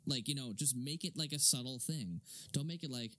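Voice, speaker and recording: A young adult man co-hosting a casual film review podcast, animated and quick to laugh as he acts out scenes. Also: medium pitch. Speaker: podcast co-host.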